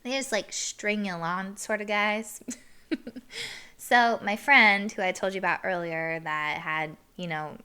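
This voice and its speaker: Woman podcast host, 30s, casual animated storyteller, bright and smooth. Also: mid-range voice, measured pace. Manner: animated, swearing, acts out quoted lines loudly.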